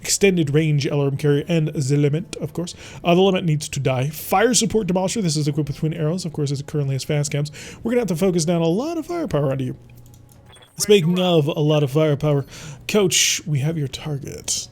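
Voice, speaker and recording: A man's voice: on the high side, lively intonation, quick pace, a little mellow. A man giving playful, theatrical commentary while playing a strategy game. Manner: playful, theatrical, talks to enemies. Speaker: gameplay commentator. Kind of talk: let's-play commentary.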